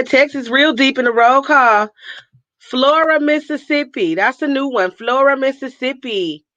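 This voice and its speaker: A woman's voice: high voice, pushed and bright, no room sound, lo-fi sound. A woman from Northern California hosting a casual livestream, cheerfully reading out where her viewers are watching from and hyping them up with nicknames. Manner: upbeat, hypes viewers with call-outs and nicknames. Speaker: livestream host.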